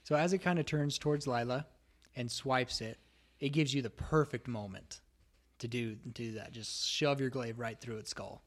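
A man running a tabletop game as game master, easygoing and quick to laugh. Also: mid-range voice. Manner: laughs often, easygoing rulings.

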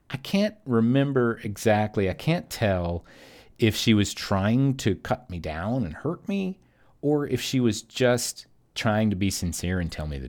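Deep-voiced man telling a personal story. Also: darkish tone. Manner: reflective, hesitant with many fillers. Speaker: podcast host.

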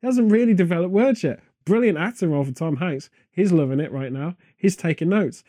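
A man co-hosting a comedic casual chat, rambling through absurd film pitches in an animated and easily exasperated way. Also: brisk, dry recording, clean studio sound. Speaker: podcast co-host.

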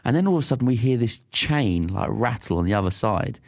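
A man's voice: lowish voice, lively intonation, fast, gravelly, dry recording, studio quality. A man co-hosting a podcast, telling a rambling, laughing anecdote in casual chat, recorded in a teepee at home. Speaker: podcast co-host.

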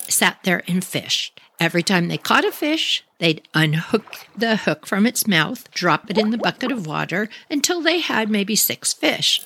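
A woman with a husky voice telling childhood family stories in a casual, animated way and talking to her listeners directly. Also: medium pitch. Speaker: storyteller.

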